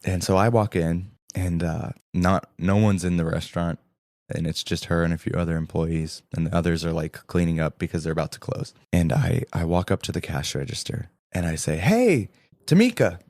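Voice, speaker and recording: Young male podcast co-host, low voice, earnest storyteller, dry close mic. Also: fairly quick, no echo. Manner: earnest, animated storytelling with quoted dialogue. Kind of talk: storytelling testimony.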